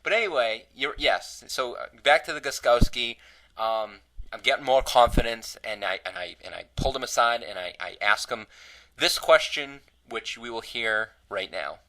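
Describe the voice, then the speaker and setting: A man's voice: mid-range voice, normal speed, pushed and bright, poor audio. A man hosting a casual podcast, telling a rambling self-deprecating story. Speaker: podcast host.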